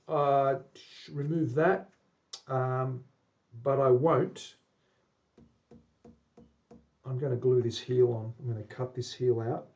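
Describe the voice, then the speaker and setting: Here a mid-range male voice with an Australian accent comes through a muffled, distant recording in a woodworking workshop. He's a guitar maker live-streaming a build, casually narrating, muttering under his breath and addressing viewers with asides.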